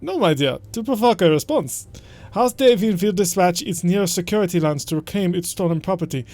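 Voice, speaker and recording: A man's voice: sits high, expressive, fairly quick, darkish tone, no room sound, soft background music. A man putting on a haughty German-accented count. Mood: scheming, gloating. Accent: German (put on). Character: scheming aristocratic male count, smug and vengeful.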